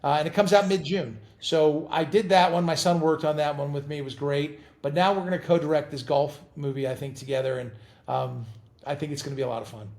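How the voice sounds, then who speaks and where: A middle-aged man chatting as an interview guest, telling animated stories and often repeating words as he talks. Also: fairly high pitch, fairly quick, gravelly. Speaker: guest actor. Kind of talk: casual interview chat.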